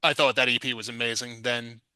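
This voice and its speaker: A man's voice: mid-range voice, flat delivery, fairly quick, pushed and bright, clean tone, no room sound, poor audio. A man from Long Island, a podcast guest, talking in a laid-back, slightly dry way. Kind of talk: casual chat.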